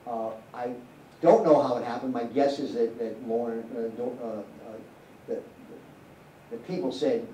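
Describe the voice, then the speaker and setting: A man's voice: mid-range voice, fairly even intonation, a little slow, mellow, distant mic, a little hiss or hum. A man directing a live Q&A, answering audience questions with rambling, candid anecdotes and frequent restarts in a cinema hall.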